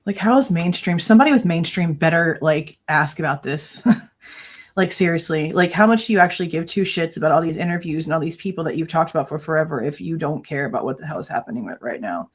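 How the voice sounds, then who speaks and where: A woman's voice: sits low, animated, fast talker, husky. A woman hosting a casual true crime livestream from home, exasperated and ranting, swearing loosely and thanking viewers between complaints. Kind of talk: casual livestream reaction chat. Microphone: no headphones, desk mic.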